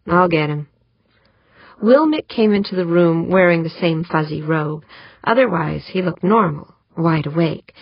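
Woman reading a novel, low voice, steady, dry muffled recording. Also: dry recording. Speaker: audiobook narrator. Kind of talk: scripted narration.

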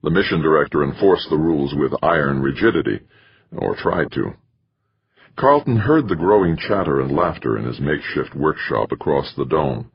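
A man narrates an audiobook in a deep, very husky voice, measured but expressive. His pitch moves lively through each sentence. The recording is dry and slightly dull. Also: dry recording. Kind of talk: scripted narration.

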